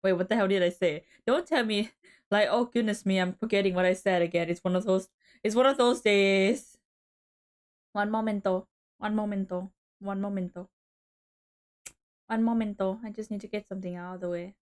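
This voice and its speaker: A woman's voice: medium pitch, steady tone, brisk, a little mellow. Giggly woman streamer rambling. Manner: giggly, rambling, self-interrupting. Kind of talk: casual gameplay chat.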